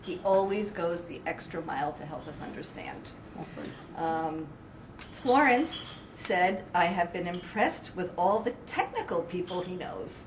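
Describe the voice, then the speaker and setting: A woman's voice: lowish voice, animated, a little slow. Woman reading tributes at an office party. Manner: warm-hearted, laughing between quotes, filler ums. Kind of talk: reading colleagues' quotes aloud. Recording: echoey room, distant mic, loud background noise.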